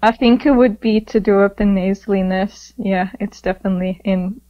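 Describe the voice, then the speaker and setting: A woman's voice: medium pitch, fairly even intonation, moderate pace, warm tone, lo-fi sound. An Australian woman, a guest artist on a podcast, giving brief, playful answers in casual chat.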